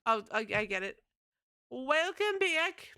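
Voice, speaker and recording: A woman's voice: sits high, very animated, slow, sharp tone, smooth. A woman game streamer chatting casually to her live chat, rambling and swearing freely.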